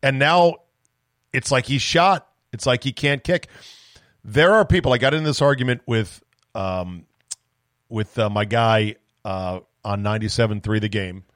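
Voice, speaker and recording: A man hosting a solo sports podcast, talking in a rambling, animated way with profane, self-mocking asides. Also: medium pitch, unhurried, no echo, clean studio sound. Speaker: sports talk podcast host.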